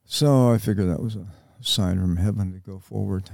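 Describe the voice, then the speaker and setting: An older American man, a Vietnam veteran being interviewed, speaks slowly and reflectively in a very low, gravelly voice, halting often to find his words. His tone is dark and mellow. The recording is close and dry, with no room sound.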